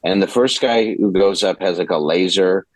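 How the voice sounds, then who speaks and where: A man's voice: low-pitched, normal speed, no room sound, low-quality recording. A man, a comedian guest, chatting casually on a podcast and telling a story with lots of laughter and acted-out quotes. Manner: animated storyteller, laughs often, acts out quotes.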